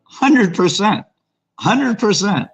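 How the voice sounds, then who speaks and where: A man with a slightly higher voice rambles through local ghost and cryptid tales, acting out the people he quotes. He stops and restarts often in a loose, conversational way. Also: sing-song, slow, vocal fry, husky, rough recording. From Arizona, raised in Los Angeles. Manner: rambling storyteller, restarts and fillers, acts out quotes. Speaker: guest. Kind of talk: casual chat about local hauntings.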